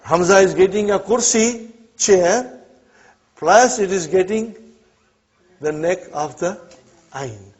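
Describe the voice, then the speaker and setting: A man's voice: high voice, slow, long pauses, husky. A man teaching an Arabic class, quizzing students with short "huh?" prompts and explaining each example. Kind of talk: classroom lesson. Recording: dull lo-fi classroom recording.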